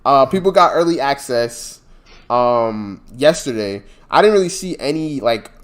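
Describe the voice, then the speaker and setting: A man co-hosting a casual gaming podcast, animated and quick to laugh, sometimes losing his train of thought. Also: medium pitch. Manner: animated, laughs often, trails off mid-thought. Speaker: podcast co-host.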